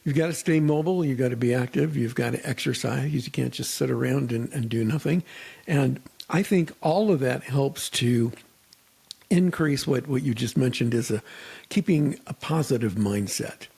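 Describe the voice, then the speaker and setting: A man's voice: mid-range voice, moderate pace, creaky, mellow, husky. A man hosting a radio interview show, chatting casually and acting out joking bits of dialogue.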